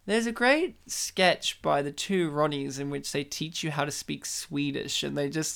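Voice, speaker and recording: A man's voice: fairly high pitch, unhurried, vocal fry, few pauses, a bit bright. A man chatting casually while watching a film, rambling and acting out silly imagined scenes. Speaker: podcast co-host. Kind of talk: casual film commentary chat.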